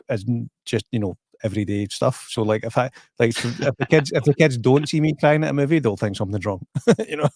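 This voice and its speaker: A Scottish man chatting as a guest on a live stream, easygoing and quick to chuckle. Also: on the low side, darkish tone, no room sound, clean studio sound. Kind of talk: casual chat.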